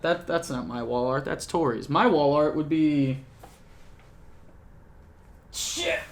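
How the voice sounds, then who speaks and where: A young YouTuber with a fairly high voice chats casually to a camcorder in his home apartment at a moderate pace, with background noise audible. It's a casual vlog recap: he rambles, jokes and often cuts himself off mid-sentence.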